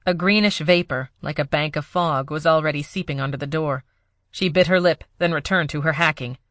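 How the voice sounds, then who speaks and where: This audiobook narrator is a woman whose voice sits low for a woman, and she reads her scripted text steadily and deliberately. There's no echo or room sound; the recording is dry and close.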